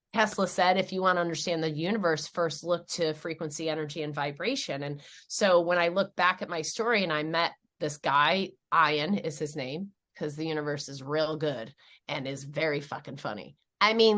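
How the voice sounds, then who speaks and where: Expressive 40s woman guest, low-ish voice, gets loud and high when fired up. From upstate New York. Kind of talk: animated interview storytelling.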